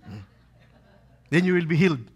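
A pastor preaching a sermon, asking the listeners rhetorical questions and acting out quotes in a lively way. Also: male voice, fairly high pitch, normal speed, husky. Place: holy site visit.

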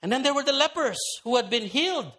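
Bright, high-voiced man preaching. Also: quick pace. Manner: animated storyteller voicing crowd members. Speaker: pastor. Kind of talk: sermon.

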